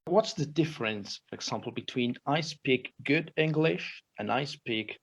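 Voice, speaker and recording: A man's voice: medium pitch, expressive, unhurried, a bit bright, slightly rough. A man co-hosting a language podcast as a learner, asking curious questions and checking what he has understood. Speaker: co-host and English learner. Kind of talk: conversational grammar lesson.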